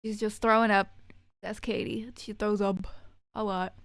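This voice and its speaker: A woman streamer chatting casually with viewers, sarcastic and profane and quick to laugh. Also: mid-range voice, flat delivery, no echo.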